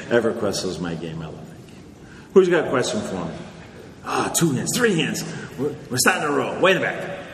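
Animated, laughing storytelling man. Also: mid-range voice, moderate pace, long pauses. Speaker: author and guest speaker. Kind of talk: anecdotal panel talk. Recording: echoey hall with crowd noise.

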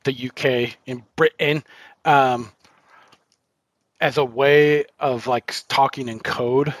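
A man's voice: mid-range voice, fairly even intonation, takes it slowly, breathy edge, no echo. A man co-hosting a film podcast, rambling casually with lots of fillers and swearing. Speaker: podcast co-host.

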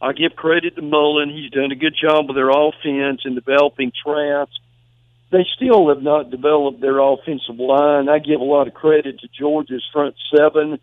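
A man phones in to a sports radio show to analyze college football. He speaks emphatically and often stammers and restarts, his fairly high voice coming through a tinny, dry phone line. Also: steady tone, moderate pace, dry recording.

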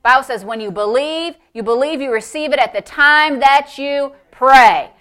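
A woman pastor preaching a sermon, emphatic and building to shouts, calling out to the congregation for responses. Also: sits high, animated, moderate pace, hardly any pauses.

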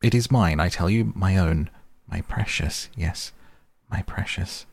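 A man reading as a fussy old hobbit who clings to what is his, his deep voice gravelly and husky. He frets, then snaps with suspicion when pressed. The sound is close and dry. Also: fairly even intonation, normal speed, darkish tone, no room sound. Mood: possessive. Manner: fussy, turns snappish and defensive. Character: aging male hobbit, restless, possessive and touchy.

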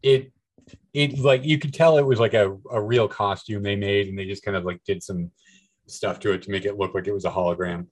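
A man's voice: on the low side, steady tone, fairly quick, poor audio. A man who is a guest on a podcast, talking loosely about films with many fillers. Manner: loose, rambling, filler-heavy. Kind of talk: casual film discussion.

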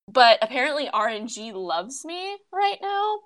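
A young woman co-hosting a casual chat, telling stories in an animated, exasperated way and swearing freely. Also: high-pitched, measured pace. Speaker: podcast co-host. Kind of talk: casual chat among friends about a mobile game.

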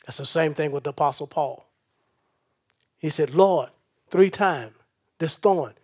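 A pastor delivers his sermon in a somewhat high voice. He swings from loud, excited bursts to soft, intimate reassurance. He speaks in a folksy, conversational way, straight to his congregation. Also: measured pace, husky. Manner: dramatic swings from loud preaching to soft comforting.

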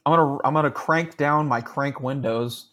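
A young man co-hosting a casual podcast, joking around and getting excited with his friend. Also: mid-range voice, moderate pace. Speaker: podcast co-host. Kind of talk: casual chat.

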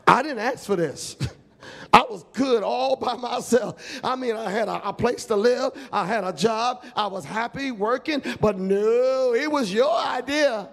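A preacher doing whiny excuse-making Adam. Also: male voice, very high voice, measured pace, creaky, long reverb tail, pitched above the performer's own voice, full character voice. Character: Adam, a defensive man blaming others.

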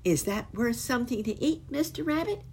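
A woman voicing a small, friendly male circus poodle in a storybook, with an eager, high and breathy little voice. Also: animated, fairly quick, mellow, a little hiss or hum.

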